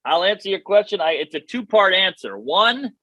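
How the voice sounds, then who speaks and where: An American man in his thirties, a comedian guest telling stories casually with quick, jokey asides. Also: high-pitched, very animated, sharp tone, no echo, low-quality recording. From United States. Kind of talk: casual chat.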